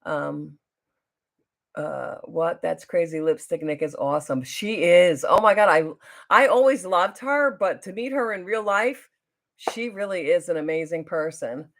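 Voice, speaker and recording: A woman's voice: fairly low pitch, unhurried, a bit bright. A middle-aged woman telling a long story on her live stream, rambling and chatty, with lots of fillers and restarts. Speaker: YouTuber hosting a live stream.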